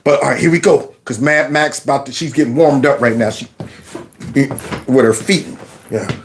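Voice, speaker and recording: A man's voice: mid-range voice, moderate pace, slight background noise. A man hosting a reaction commentary, mocking what he watches and laughing often as he trash-talks. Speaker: commentary host.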